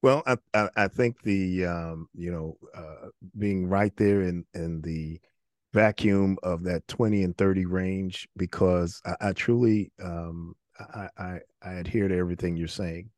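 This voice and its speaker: An earnest middle-aged man hosts a faith-based interview podcast, often repeating and restarting words. His voice sits very low. The sound is dry and close. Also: a little slow, a little mellow, no echo. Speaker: podcast host.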